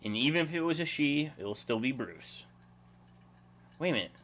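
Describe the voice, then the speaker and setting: A man's voice: a little high, expressive, normal speed, a bit bright, a little hiss or hum. A man hosting a casual livestream, rambling and chuckling as he reads out viewer chat. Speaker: livestream host.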